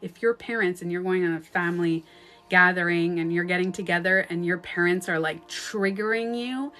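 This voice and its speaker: A Canadian woman coaching in a casual livestream talk, swinging into sudden loud outbursts. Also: fairly low pitch, steady tone, moderate pace, soft background music. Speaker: life coach. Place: at home, streaming live. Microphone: phone.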